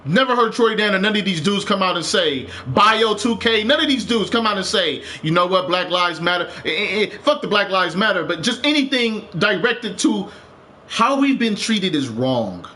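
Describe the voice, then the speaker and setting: A man's voice: high-pitched, sing-song, normal speed, sharp tone. A man streaming a game live, ranting with passion, repeating himself and swearing. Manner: impassioned, repetitive, swears, rising to urgent.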